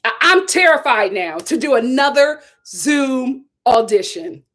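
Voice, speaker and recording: A young woman hosting a live review stream, telling a story in an animated, dramatic way and laughing often. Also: high-pitched, unhurried. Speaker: host of a live reality-show review channel. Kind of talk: casual storytelling to a live chat.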